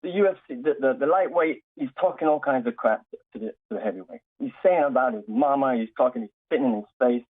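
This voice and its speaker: A man calling in to a radio talk show, animated as he builds a long analogy. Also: mid-range voice, fast, few pauses. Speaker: caller. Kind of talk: call-in radio chat. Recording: tinny phone line.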